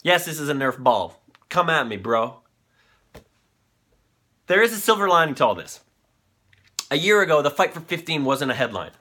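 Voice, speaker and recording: A man in his late thirties rants through a comedic news commentary. His voice is bright and sits a little high, and his pitch swings widely as he curses and riles up his viewers. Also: moderate pace, long pauses. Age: 30s. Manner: animated ranting with profanity. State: on cold medication. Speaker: host.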